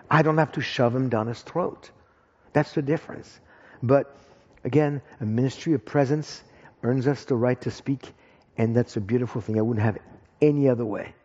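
A man speaking as a guest in a church, telling an animated, excited story and then praying. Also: medium pitch, normal speed, breathy edge. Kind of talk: testimony and prayer in church. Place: church hall. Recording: dull echoey hall sound.

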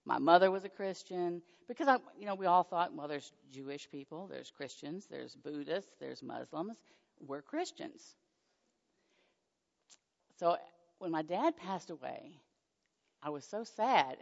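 An older woman born in Oklahoma with a Texan accent, giving a nervous, chatty faith testimony as a guest speaker in a church hall, acting out conversations. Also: creaky. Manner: chatty storytelling, acts out dialogue with pitch jumps; nervous, self-deprecating. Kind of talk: personal faith testimony to an audience. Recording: dull echoey hall recording.

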